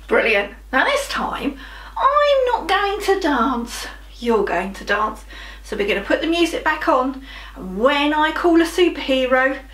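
Brief: high-voiced, animated woman teacher, speaks slowly and clearly, recorded from a distance with music playing. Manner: animated, encouraging, playful sound effects. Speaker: primary school drama teacher. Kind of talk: leading a children's drama game. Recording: roomy, voice from a distance, music behind.

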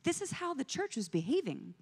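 A pastor's wife gives a conversational sermon as a guest speaker inside a church sanctuary, weaving in stories and asking the audience questions. Her voice is high with big pitch swings and a slightly fast pace, carrying the long reverb of the church hall.

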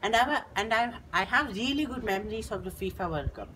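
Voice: mid-range voice, lively intonation, fairly quick, pushed and bright, a little hiss or hum, poor audio. A teenage student, telling a story in a chatty, rambling way with frequent restarts. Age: teens. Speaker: school student. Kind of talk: casual storytelling monologue.

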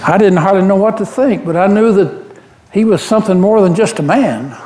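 Sounding awed, a church member in the sanctuary speaks as the apostle Peter in a first-person monologue, an earnest and devoted fisherman remembering his past. His high voice carries an earnest, animated telling full of restarts, echoing roomily through the church.

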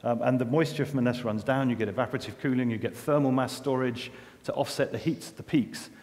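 An environmental engineer gives a conference talk at a festival venue whose hall has a long reverb. His mid-range voice is steady, brisk, and a little mellow, and he's chatty and self-deprecating, with many restarts and asides.

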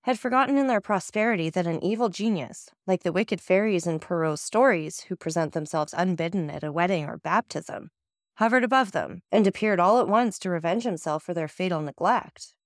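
A woman narrating a classic novel as an audiobook, in a steady, expressive reading. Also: lowish voice, brisk, no echo, studio quality. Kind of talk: scripted narration.

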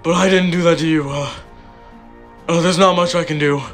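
A man voicing a gruff male shell creature who talks in a blunt, slangy way. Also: a little high, fairly even intonation, normal speed, fairly bright tone, faint music behind.

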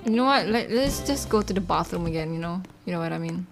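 A woman's voice: fairly low pitch, lively intonation, fast, creaky, over music. A young woman hosting a casual gaming video, talking loosely with lots of fillers and frequent giggles. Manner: giggly, laughs often between remarks; loose, filler-heavy talk with "like" and "you know". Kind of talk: casual gameplay commentary.

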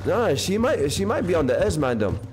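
An excitable young man talks over his game stream, firing off slangy banter at his viewers. His voice is high and very lively, and faint music plays underneath. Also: fairly quick. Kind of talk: live game streaming commentary.

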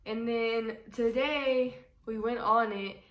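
Flat-voiced young woman, echoey and off-mic. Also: on the high side, takes it slowly, distant mic. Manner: chatty, fills with "like", acts out quotes. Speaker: vlogger. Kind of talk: casual storytime. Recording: roomy echo, voice away from mic.

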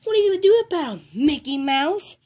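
A woman's voice: high-pitched, sing-song, unhurried, breathy edge, full character voice. A woman voicing a nasty bullying toy in a homemade skit, taunting and name-calling.

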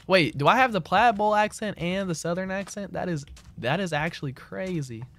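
A man's voice: sits high, normal speed, a bit bright. Slangy gamer guy streaming live. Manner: loose, slangy, rambling, answers chat. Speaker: game streamer. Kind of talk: casual live-stream chat. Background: keyboard clicks and typing.

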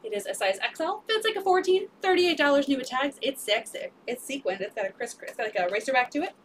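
A woman's voice: sits high, lively intonation, fast talker, recorded from a distance, a little hiss or hum. A woman selling secondhand clothes on a live stream, upbeat and repeating sizes, prices and item numbers. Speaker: resale live-stream seller. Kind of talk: live sales pitch.

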